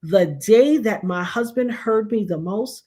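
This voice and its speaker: A middle-aged woman hosting a live talk show, giving emphatic, folksy relationship advice to her chat and now and then dropping to a near hush. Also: mid-range voice, measured pace. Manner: emphatic, preachy, folksy, drops to a hush for effect. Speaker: livestream talk show host.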